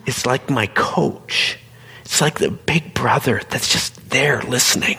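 Breathy husky preacher guy talking personal, slips into whispers, big echoey hall. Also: medium pitch, moderate pace. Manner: earnest, conversational, drops into hushed whispered asides. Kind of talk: personal sermon talk.

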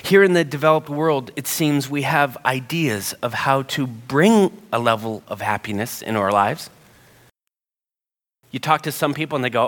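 A man preaching a sermon, telling a story in an animated way and getting higher and livelier as he gets excited. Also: moderate pace. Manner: animated storyteller, rising pitch when excited. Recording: long hall reverb.

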